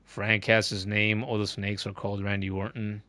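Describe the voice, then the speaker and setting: A man's voice: on the low side, flat delivery, normal speed, pushed and bright, dry recording. A man streaming a video game and chatting casually, joking in a put-on Australian accent and tacking "mate" onto everything, often stumbling over his words. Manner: jokey, tacks a mock Australian "mate" onto every line; stammery restarts. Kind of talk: casual live-stream commentary.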